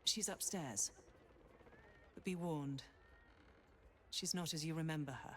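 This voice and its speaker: An actress voicing an anxious, grateful village woman in video game dialogue, with a husky, solemn, hushed way of giving warnings. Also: sits low, slow, a little hiss or hum.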